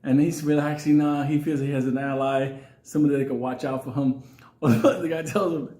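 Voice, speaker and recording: A man's voice: on the high side, steady tone, moderate pace, dark tone, echoey room. Laughing, swearing man telling a story. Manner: laughing often, swearing, acting out quotes. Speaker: storyteller host. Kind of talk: casual storytelling.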